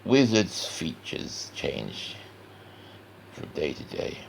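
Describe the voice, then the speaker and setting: A man with a West Country accent talks through a drawing lesson in a deep, heavily gravelly voice. He rambles in a folksy way and speaks straight to the viewer. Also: sing-song, slow pace, a little hiss or hum. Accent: West Country English. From West Country of England. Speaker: cartoon artist. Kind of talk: chatty drawing tutorial.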